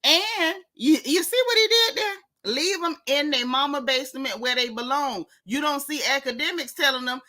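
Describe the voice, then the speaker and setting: A woman's voice: high voice, animated, moderate pace, hardly any pauses, pushed and bright. A woman hosting a gossip show as a casual livestream, dramatic and theatrical, talking straight to her chat viewers. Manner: talks directly to chat viewers.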